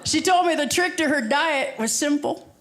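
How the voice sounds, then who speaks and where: A woman's voice: high-pitched, animated, moderate pace, fairly bright tone. Wry woman stand-up comic. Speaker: stand-up comedian. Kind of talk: stand-up comedy.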